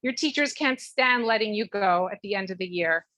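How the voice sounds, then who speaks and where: A middle-aged woman, a mother, reading a heartfelt speech at her daughter's bat mitzvah, measured and sprinkled with Hebrew terms. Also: mid-range voice, bright, forceful tone, dry recording, rough recording. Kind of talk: read-aloud family speech. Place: Toronto.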